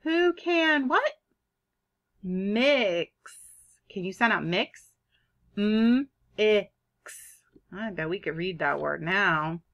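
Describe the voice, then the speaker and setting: Slow, animated kindergarten teacher woman. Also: mid-range voice, gravelly, dull audio. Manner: animated, drawn-out teacher talk, sounding out words. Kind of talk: online phonics lesson for young children.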